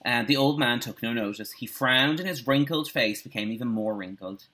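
A man's voice: mid-range voice, normal speed, pushed and bright. A male primary school teacher reading a children's book aloud, adding chatty asides.

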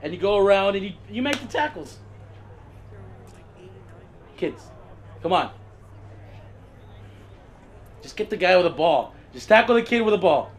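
A man acting in a scripted comedy sketch, talking calmly and then erupting into shouted tantrums at people who are not heard. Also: high voice, moderate pace, pauses often, some chatter behind, a little hiss or hum. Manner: talks to unseen people on phone and field.

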